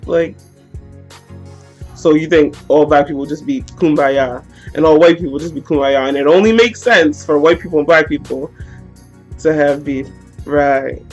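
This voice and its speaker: A woman's voice: low voice, normal speed, soft background music. A young woman telling a heated, slangy story in a storytime vlog. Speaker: vlogger.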